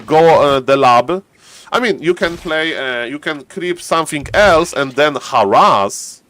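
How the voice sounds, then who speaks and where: A man with a non-native English accent giving casual, joking live-stream commentary on a strategy game, getting loud and excited at key plays. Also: on the high side, unhurried, dry recording. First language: not English. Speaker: game caster.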